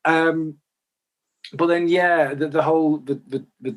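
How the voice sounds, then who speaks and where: Man, podcast guest, halting, restarts, casual chat. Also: fairly high pitch, fairly even intonation. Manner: halting, many restarts and "you know".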